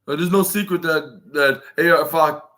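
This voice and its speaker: A man's voice: fairly high pitch, moderate pace, pushed and bright. A man hosting a podcast, recapping a show in a casual, rambling way with lots of fillers and restarts. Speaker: podcast host.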